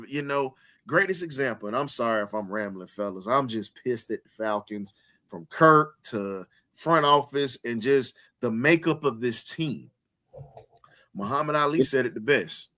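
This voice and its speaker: A man's voice: mid-range voice, expressive, normal speed, sharp tone. A man hosting a heated sports talk show, speaking with an emphatic, preaching cadence and repeating phrases to drive points home.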